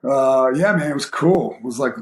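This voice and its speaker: A man in his forties talks through a story with lots of fillers and restarts, acting out what other people said. His pitch sits mid-range, and the room around him has a noticeable echo. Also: moderate pace. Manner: animated storyteller, acts out quoted voices, many fillers. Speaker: guest, MMA coach and former fighter. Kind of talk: casual storytelling interview. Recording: echoey room.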